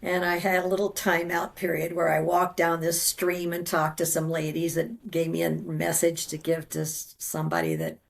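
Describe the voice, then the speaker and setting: Female guest, middle-aged, low, raspy-edged voice, lively storyteller. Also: moderate pace, few pauses. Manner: animated storyteller, laughs often. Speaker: interview guest. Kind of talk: personal storytelling in conversation.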